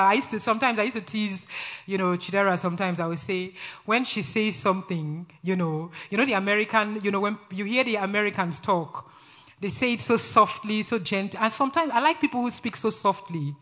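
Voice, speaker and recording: A man with a Nigerian accent preaching a sermon in a brash, forceful way. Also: high voice, lively intonation, moderate pace. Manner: brash, forceful, laughs often between phrases.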